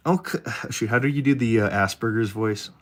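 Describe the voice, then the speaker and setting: A man draws on a live stream, rambling jokingly and addressing his chat directly in casual conversation. His voice is on the low side at a normal speed.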